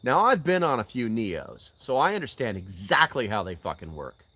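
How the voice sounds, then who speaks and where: A man's voice: mid-range voice, big pitch swings, normal speed, bright, forceful tone, slight background noise. Blunt, profane older man. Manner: blunt and profane, with emphatic rhetorical questions. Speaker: channel host answering live chat. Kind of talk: casual live-stream chat. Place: outdoors beside a fire.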